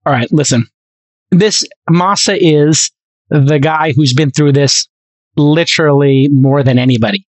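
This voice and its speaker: A man co-hosting a podcast in casual chat, talking in an animated, emphatic and rambling way. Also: fairly high pitch, measured pace, no echo. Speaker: podcast co-host.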